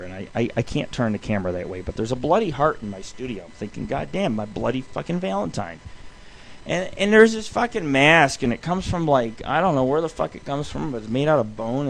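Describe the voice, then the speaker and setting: A man with a fairly high voice rants through a loose, swearing monologue on his own show. He talks in an excitable, rambling way from his home studio. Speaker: radio show host.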